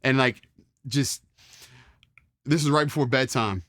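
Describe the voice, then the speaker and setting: Rambling, fast-talking man in his forties. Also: medium pitch, a bit bright. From Charlottesville, Virginia, US. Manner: rambling with many fillers, mild profanity, acts out quotes. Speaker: interview guest, former Marine. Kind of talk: casual storytelling.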